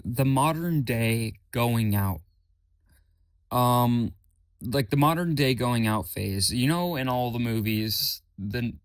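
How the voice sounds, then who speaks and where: Young guy rambling thru his podcast, kinda monotone, super dry close mic. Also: mid-range voice, no room sound. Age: young adult. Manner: rambling, self-correcting, says his voice is monotone. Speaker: podcast host. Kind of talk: casual solo podcast chat.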